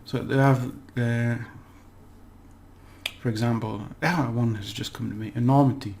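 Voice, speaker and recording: A man giving a relaxed, chatty language lesson, slowly repeating words for practice and laughing at his own slips. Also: mid-range voice, gravelly, slight background noise. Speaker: language teacher. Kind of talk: casual spoken language lesson.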